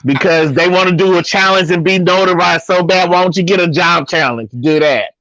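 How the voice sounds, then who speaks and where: A man's voice: sits high, fairly quick, sharp tone, no echo, highs cut off. A man co-hosting a casual podcast chat, sassy and teasing, calling people baby. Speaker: podcast co-host.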